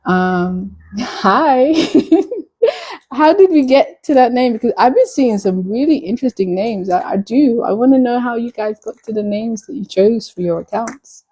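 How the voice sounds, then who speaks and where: A woman's voice: fairly high pitch, moderate pace, mellow, poor audio. Playful flirty woman chatting live. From Nigeria. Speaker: live streamer. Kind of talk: casual live-stream chat.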